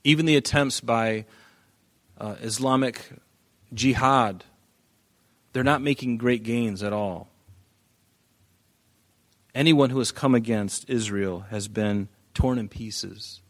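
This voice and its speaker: A man's voice: mid-range voice, slow pace, long pauses. A man, a pastor preaching an expository sermon, reading scripture aloud and pressing points with emphatic rises and drops in volume.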